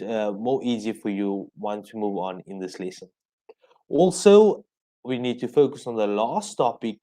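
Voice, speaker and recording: A man from South Africa leads an exam revision lesson, his voice mellow and warm. He explains slowly, point by point, so listeners can write it down. His pitch sits in the middle range for a man. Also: rough recording. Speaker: teacher.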